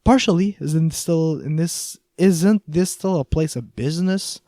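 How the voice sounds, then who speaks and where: A man's voice: a little high, measured pace, warm tone, no echo, studio quality, voice pushed up. A man reading an audiobook, voicing a flustered young woman who talks in an exasperated, raised voice.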